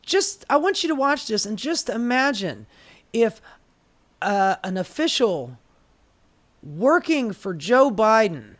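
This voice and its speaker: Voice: mid-range voice, very animated, slow, a bit bright. A political commentator ranting sarcastically and profanely, with exasperated rhetorical questions.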